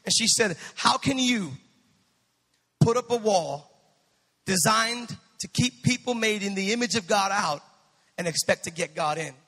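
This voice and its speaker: A male pastor preaching a sermon, swinging from soft storytelling to shouted fervor. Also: sits high, animated, unhurried, vocal fry, long pauses, long reverb tail.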